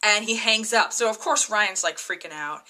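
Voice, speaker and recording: A young woman chatting excitedly through a casual TV episode review, full of fillers and "right?". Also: medium pitch, normal speed. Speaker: TV review vlogger.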